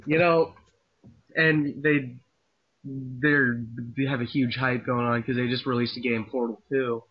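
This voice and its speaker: A man's voice: mid-range voice, steady tone, unhurried, breathy edge. A young man interviewing a guest, asking eager, fan-like questions in a casual chat. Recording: dull lo-fi recording.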